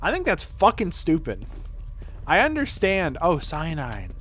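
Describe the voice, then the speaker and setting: A man's voice: on the high side, huge pitch swings, unhurried, fairly bright tone, soft background music. A man streaming as a vtuber, chatting casually and rambling through tangents with offhand swearing. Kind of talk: casual gameplay chat.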